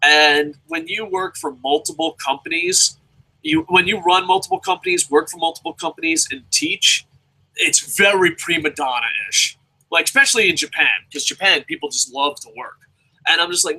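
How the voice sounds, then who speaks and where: Bright-voiced man ranting profanely. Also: on the high side, normal speed, slightly rough, rough recording. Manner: profane, animated, jokey. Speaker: wrestling commentator. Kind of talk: casual rant.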